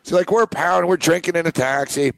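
A man's voice: on the high side, brisk, vocal fry, dry recording. A middle-aged man hosting a sports radio show, telling a rambling anecdote and acting out the people in it. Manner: rambling, animated anecdote with acted-out quotes. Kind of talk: casual storytelling on a podcast.

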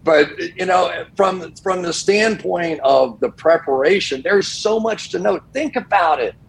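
An older football broadcaster tells stories casually on a sports talk show, animatedly acting out the quoted dialogue. He has a high, creaky voice and a measured pace, and the recording is rough.

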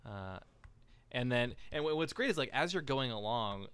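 A man's voice: mid-range voice, expressive, moderate pace, fairly bright tone, smooth, dry recording. A man hosting a casual podcast discussion, talking in a rambling way with many fillers and restarts. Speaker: podcast host.

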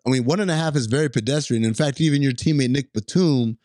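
A young adult man hosting sports talk in a playful, animated way, his pitch in the middle range. The recording is dry and close. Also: fast, no echo. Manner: playful, animated, slips into impressions. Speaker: sports talk show host. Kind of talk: casual sports chat.

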